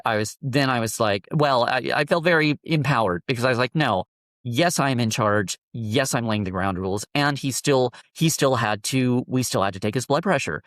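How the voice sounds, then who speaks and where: A man as an interview guest, telling a heartfelt personal story in an earnest, halting way, often restarting his sentences. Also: medium pitch, a bit bright, no room sound, studio quality.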